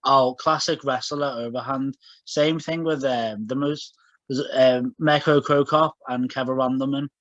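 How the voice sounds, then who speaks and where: A man's voice: medium pitch, fairly even intonation, unhurried, a bit bright, no echo. A man chatting on a podcast, rambling and restarting his thoughts, stacking up fillers as he goes. His voice sits in a middle register and sounds dry and close, with a dull, lo-fi tone. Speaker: podcast co-host. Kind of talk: casual chat.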